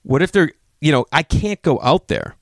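A man's voice: fairly high pitch, normal speed, no echo, clean studio sound. A man telling a story in casual talk, swearing freely and acting out what people said. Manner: animated, profane, acts out quotes.

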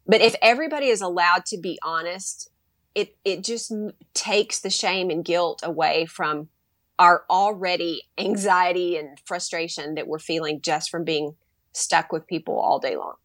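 A woman's voice: lowish voice, normal speed, dry recording, clean studio sound. A woman, a mother, talking animatedly as a guest in a casual interview and acting out bits of dialogue. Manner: animated, acts out quoted dialogue.

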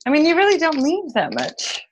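A woman's voice: high voice, wildly swooping pitch, fairly quick, slight background noise, low-quality recording. A woman co-hosting a podcast in casual chat, frank and reassuring with a playful streak. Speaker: podcast co-host.

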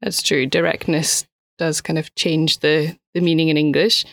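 A woman co-hosting a language podcast as the learner, asking questions and slowly repeating phrases after her teacher. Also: sits low, level tone, creaky, no room sound, studio quality. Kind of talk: scripted language lesson chat.

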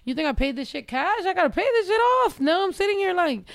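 A woman hosting a podcast, telling stories in a loud, animated way with plenty of cursing. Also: very high voice, fast, creaky, no echo, clean studio sound. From Mexican-American family. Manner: loud, animated storytelling with profanity. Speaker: podcast host. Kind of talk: casual chat.

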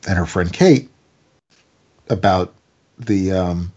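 A man's voice: low-pitched, takes it slowly, a little mellow, slightly rough, highs cut off. A man casually reviewing a comic, recapping the plot in a rambling way with stammered restarts.

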